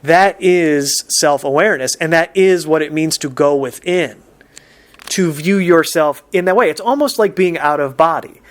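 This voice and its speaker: Guy rambling about going within, slightly high voice, chuckles a lot. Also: normal speed. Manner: reflective, rambling, laughs often. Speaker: spiritual talk host. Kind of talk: casual spiritual monologue.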